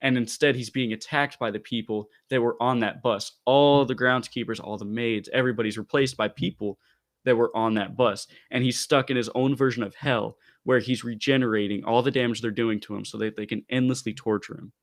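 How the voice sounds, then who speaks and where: A man co-hosting a casual podcast, retelling a story in an animated way with loose asides. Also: mid-range voice, brisk. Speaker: podcast co-host reviewing comics.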